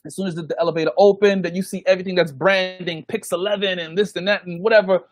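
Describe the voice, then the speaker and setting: A man with a high voice tells a story in easygoing chat, slipping into the voices of the people he quotes. He is recorded close and dry, with no room sound around him. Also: quick pace, no echo. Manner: animated, acts out the people he quotes. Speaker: DJ guest. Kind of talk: casual storytelling. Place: podcast recording.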